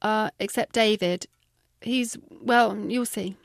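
A woman's voice: medium pitch, takes it slowly, vocal fry, dry recording, clean studio sound. A woman with a British accent voicing a chatty woman friend who talks in a breezy, confiding way.

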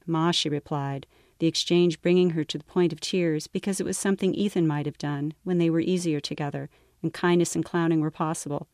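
A woman author reading her novel aloud in a measured, wry manner. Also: low voice, steady tone, darkish tone, dry recording, clean studio sound.

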